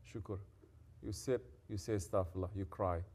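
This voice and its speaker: In this sermon, a man speaking as a sheikh uses an expressive, medium-pitched voice at a moderate pace. His delivery swings from hushed, personal reflection to forceful rebuke, and he weaves Arabic devotional expressions into his words.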